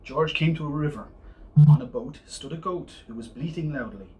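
Guy reading a kids' book out loud, lively, kinda far from the mic, little hiss. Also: on the high side, moderate pace. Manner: lively, expressive read-aloud. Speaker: storyteller. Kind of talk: reading a picture book aloud. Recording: distant mic, faint hiss.

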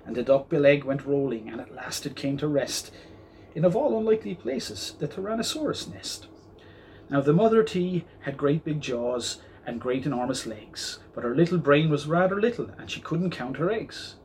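A man's voice: fairly high pitch, expressive, moderate pace, a little mellow, a little hiss or hum. A man reading a children's rhyming picture book aloud in a rhythmic storytelling manner.

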